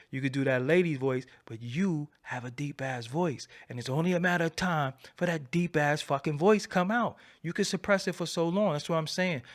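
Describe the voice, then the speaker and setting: A man hosting a livestream, ranting in a profane, animated, preaching way and repeating his phrases, swinging from low mutters to loud outbursts. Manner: swoops between low mutter and loud high bursts. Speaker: livestream host. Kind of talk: unscripted livestream rant.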